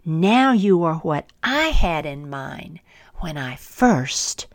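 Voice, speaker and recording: A woman voicing a gentle, patient potter in a parable, speaking calmly and at times in a whisper. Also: deep voice, no room sound, studio quality, full character voice. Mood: tender. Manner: calm, measured, sometimes whispered. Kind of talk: storytelling parable.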